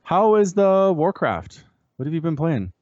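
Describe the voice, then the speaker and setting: A man's voice: fairly high pitch, very animated, unhurried, dry recording. A man co-hosting a podcast, chatting casually and explaining things at length. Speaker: podcast co-host. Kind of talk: casual chat. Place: lives in Utah. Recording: dull lo-fi dry sound.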